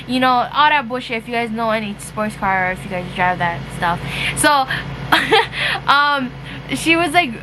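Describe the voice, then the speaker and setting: A woman's voice: on the high side, animated, normal speed, background noise. A young woman telling a casual storytime, chatty and profane, full of "like" and "you know". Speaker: vlogger.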